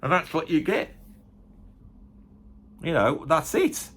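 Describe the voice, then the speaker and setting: A man's voice: fairly high pitch, sing-song, slow pace, a bit bright, breathy edge. A middle-aged man with a West Midlands English accent talks straight to camera in a loose, wandering vlog monologue. He pokes fun at himself and keeps tossing rhetorical tag questions at his viewers. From West Midlands, England. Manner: self-deprecating, chatty, rhetorical tag questions. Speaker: music critic YouTuber and drummer. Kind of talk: rambling casual monologue to camera.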